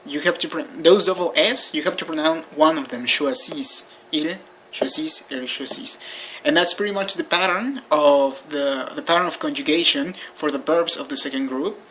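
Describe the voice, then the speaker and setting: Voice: mid-range voice, a little fast, hardly any pauses, a bit bright, a little hiss or hum. A language teacher giving an informal recorded lesson, patiently repeating points and spelling word endings letter by letter. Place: indoors by a window.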